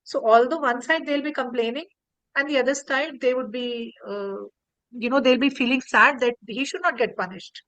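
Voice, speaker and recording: Casual lady telling a story on a call, slightly high voice, dry close sound, animated. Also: moderate pace, no echo, lo-fi sound. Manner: animated, acting out characters' lines. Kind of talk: devotional story talk on a video call.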